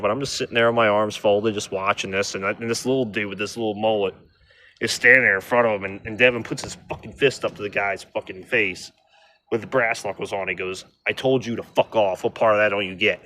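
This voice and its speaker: A man's voice: on the low side, fairly quick, sharp tone. Profane, rambling middle-aged man. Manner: rough, profane, rambling delivery. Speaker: vlogger telling a story. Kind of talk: casual storytelling.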